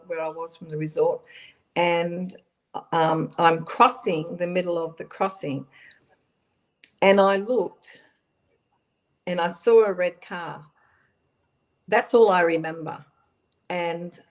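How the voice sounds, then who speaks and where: A middle-aged woman recounts her own story for a radio interview. Her voice sits a little low, and she talks haltingly, often restarting and filling pauses. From Australia. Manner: halting, many fillers and restarts. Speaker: guest.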